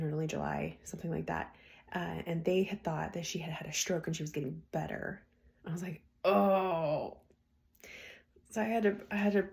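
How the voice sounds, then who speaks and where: A woman's voice: lowish voice, vocal fry, dark tone. A woman hosting a podcast, telling stories in a chatty way, laughing often and acting out what people said. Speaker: podcast host. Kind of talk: casual storytelling.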